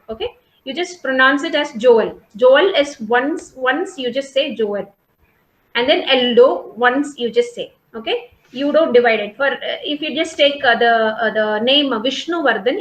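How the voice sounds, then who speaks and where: A woman's voice: high voice, a bit bright, echoey room, poor audio. A woman, giving an online class as a college lecturer, explaining patiently and often checking "okay?". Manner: explains patiently, repeats points, asks "okay?" and "got it?" often. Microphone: video call.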